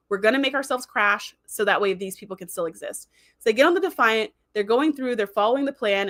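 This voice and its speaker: A woman's voice: fairly high pitch, fairly bright tone. A woman hosting a casual livestream, chatting in a rambling way and reading viewer comments aloud. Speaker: livestream host.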